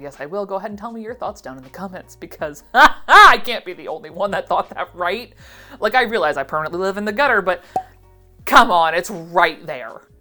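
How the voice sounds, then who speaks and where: Lively, chatty woman vlogger over soft music. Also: fairly low pitch. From Ohio, USA. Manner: chatty, giggly, self-deprecating, expressive. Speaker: vintage pattern seller and vlogger. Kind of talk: casual reaction vlog.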